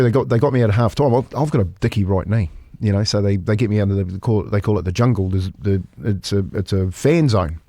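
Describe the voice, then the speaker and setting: A man's voice: fairly low pitch, warm tone, no echo, clean studio sound. A New Zealand man in his fifties, a former rugby league coach, telling stories in a casual chat and laughing through them. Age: 50s.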